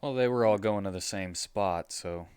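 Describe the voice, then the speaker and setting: A man playing a tabletop game, arguing his point slowly and reasonably. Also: fairly low pitch, darkish tone, clean tone, no echo. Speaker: player.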